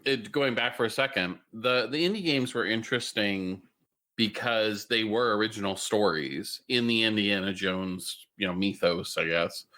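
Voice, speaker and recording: A man co-hosting a gaming podcast in casual chat, measured and thoughtful, with the odd blunt jab. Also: on the low side, sharp tone. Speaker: podcast co-host.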